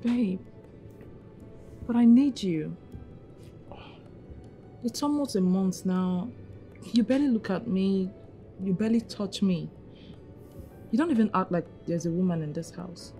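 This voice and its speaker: A woman's voice: mid-range voice, a little slow, pauses often, dark tone, faint music behind, close to an everyday voice. An actress playing a young girlfriend who whines and demands attention and money. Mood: whiny. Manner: whiny, demanding.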